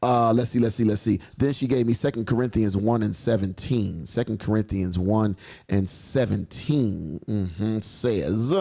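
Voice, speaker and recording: A man's voice: lowish voice, unhurried, creaky, mellow. A man hosting a faith radio show, chatting casually and reading Bible verses aloud with exclamations of praise. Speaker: radio show host and preacher.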